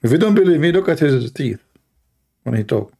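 Male apologist, mellow, gravelly voice, dry sarcastic delivery. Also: on the high side, very animated, a little fast. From Middle East. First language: Arabic. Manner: sarcastic, mocking. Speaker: Christian apologist. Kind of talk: mocking commentary and anecdotes.

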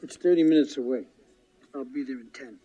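An actor playing a brisk, commanding middle-aged fixer who gives curt orders. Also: male voice, medium pitch, mellow, breathy edge, muffled recording, natural voice. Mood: businesslike.

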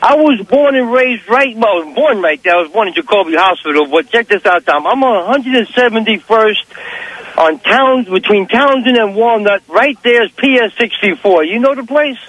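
A man's voice: high-pitched, lively intonation, normal speed, fairly bright tone, poor audio. Chummy older man from the Bronx. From the Bronx, New York. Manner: chummy, insistent, repeats the host's name. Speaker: caller. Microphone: phone.

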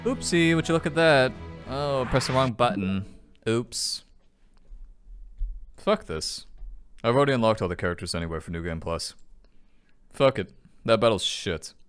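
A man's voice: on the low side, normal speed, long pauses, smooth, faint music behind. A man giving frustrated, swearing commentary while playing a video game. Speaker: gaming channel host. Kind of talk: let's play commentary.

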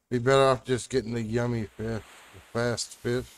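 A man's voice: medium pitch, little pitch movement, normal speed. A man giving casual commentary as he plays a video game, muttering and grumbling at what happens on screen. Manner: mutters and grumbles while playing. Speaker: let's play host.

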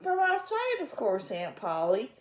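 A woman's voice: a little high, huge pitch swings, a little slow, pitched above the performer's own voice. A woman voicing a cheerful, eager young girl who gushes as she talks. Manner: bubbly, gushing. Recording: echoey room.

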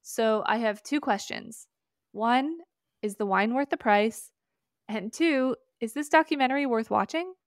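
Woman, podcast co-host, asks questions, quips, slightly high pitch. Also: unhurried, no echo, clean studio sound. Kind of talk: casual chat.

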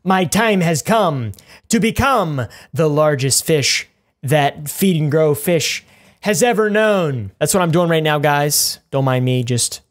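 Male let's-play host, goofy and rambling, cracks crude jokes at the audience. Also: on the high side. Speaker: gaming YouTuber.

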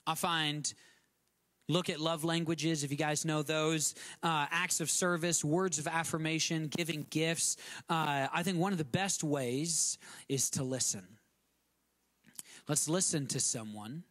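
High-voiced pastor preaching casually. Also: male voice, fairly even intonation, unhurried, fairly bright tone. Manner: conversational, many restarts and repeated words; acts out quotes with sudden shifts in pitch. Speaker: guest pastor. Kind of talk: sermon.

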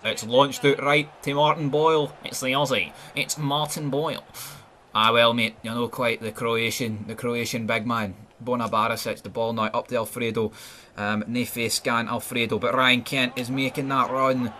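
A young Scottish man doing sweary, excitable mock football commentary over a video game, mumbling asides and yelling at chances. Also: medium pitch, normal speed, slight background noise. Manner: excitable, sweary, jumps from mumbling asides to yelled goal calls. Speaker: gaming YouTuber.

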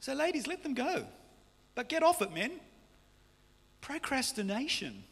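A man with an Australian accent preaching a lively, joking sermon as pastor, often shouting, in a large church hall. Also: extremely high pitch, unhurried, gravelly, slightly rough. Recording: long church hall reverb.

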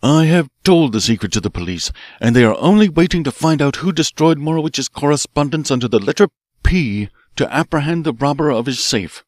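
A man's voice: on the high side, animated, fairly quick, darkish tone, dry recording, studio quality, pitched above the performer's own voice, natural voice. A man reading an audiobook, voicing a bold, cool-headed detective professor who talks in a commanding way. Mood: accusing.

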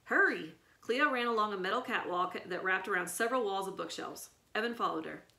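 A woman's voice: mid-range voice, quick pace. Woman reading a children's book aloud. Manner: expressive, storytelling. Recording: echoey room.

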